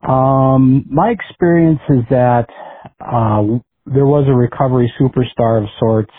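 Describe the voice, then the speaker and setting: Male caller from Minnesota, formal and deliberate, husky voice, tinny phone line. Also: medium pitch, no echo.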